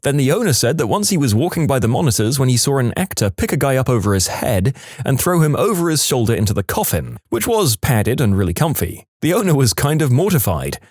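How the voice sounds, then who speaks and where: Lively male story narrator, dry close sound. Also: mid-range voice, a little fast, husky, no echo. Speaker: narrator reading stories.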